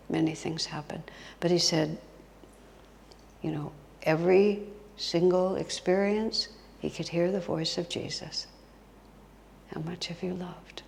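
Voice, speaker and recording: In a retreat hall with long reverb, a woman gives a spiritual talk as a guest teacher. Her lowish, creaky, darkish voice tells stories expressively, dropping to a whisper for emphasis.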